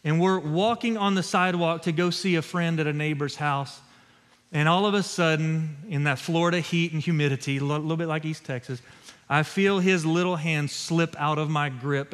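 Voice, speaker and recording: A pastor in his thirties delivers a sermon with earnest, emphatic storytelling, repeating key phrases for weight. His voice sits fairly high for a man. It rings out through a church sanctuary with a long reverb tail. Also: moderate pace, a bit bright.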